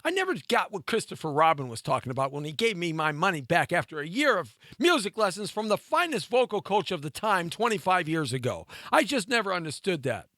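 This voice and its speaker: A man's voice: high voice, big pitch swings, a little fast, few pauses, pushed and bright, no echo, clean studio sound. A middle-aged man hosting a live talk show, joking and teasing himself and his cohost in a playful way. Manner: playful, self-mocking, banters with cohost. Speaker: radio show host.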